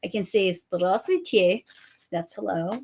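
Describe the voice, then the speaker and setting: A woman's voice: mid-range voice, unhurried, gravelly, dark tone. Chatty middle-aged woman crafting. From United States. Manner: chatty, laughs often, rambling asides. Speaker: host, crafter. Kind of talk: casual chat while crafting.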